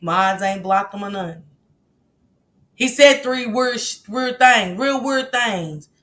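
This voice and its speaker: A woman's voice: medium pitch, slow, a bit bright. A woman hosting a casual livestream, reading the chat aloud and bluntly scolding commenters. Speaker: livestream host.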